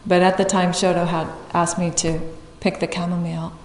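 A woman giving a dharma talk as a meditation teacher, telling a story in a reflective, unhurried way and laughing often. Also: on the low side, level tone, slight background noise. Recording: echoey hall with faint ambience.

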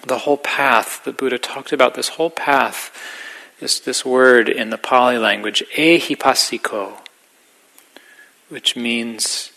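A middle-aged man giving a gentle, reflective dharma talk as a meditation teacher, sometimes dropping to a whisper. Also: medium pitch, unhurried, gravelly, rough recording.

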